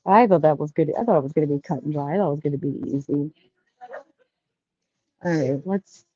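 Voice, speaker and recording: A woman's voice: deep voice, brisk, mellow, no room sound, muffled recording. A woman vlogging casually while she shops in a store, chatty and rambling with folksy sayings. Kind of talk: casual shopping vlog.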